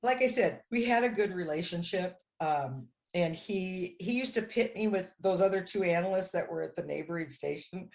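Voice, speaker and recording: A woman guest, a crime analyst, telling a story on a podcast and acting out the dialogue with lively voices. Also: lowish voice, moderate pace, vocal fry, few pauses.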